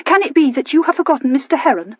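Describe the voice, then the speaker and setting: A woman voicing a prim, high-minded young lady who intones her reproofs. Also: animated, fast, dry recording, narrow, tinny audio.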